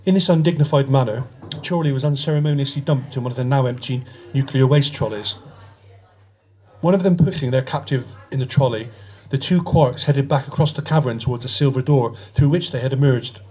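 A man reading a sci-fi story aloud in a steady narrating voice, with occasional slips. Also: mid-range voice, brisk, husky. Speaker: reader. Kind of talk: audiobook narration.

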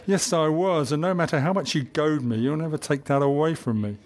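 A man's voice: a little high, fairly quick, a little mellow, lightly acted. A man voicing a proud, hot-tempered male Roman guardsman who defends himself indignantly. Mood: defiant.

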